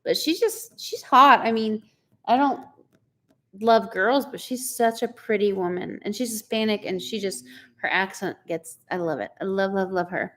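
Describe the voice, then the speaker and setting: A woman's voice: mid-range voice, normal speed, fairly bright tone. A woman, chatting casually on a live stream, greeting viewers by name and laughing often. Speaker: co-host of a live chat stream.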